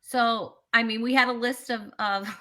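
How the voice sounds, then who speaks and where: A woman's voice: a little high, fairly even intonation, normal speed, bright, forceful tone. A woman comedian talking as a guest in a casual interview, chatty and emphatic, with frequent restarts.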